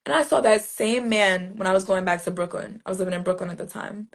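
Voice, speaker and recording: A woman's voice: medium pitch, fast talker. A woman poet being interviewed, telling a personal story in a casual, earnest way, with many "like"s and restarts. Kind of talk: reflective conversational storytelling.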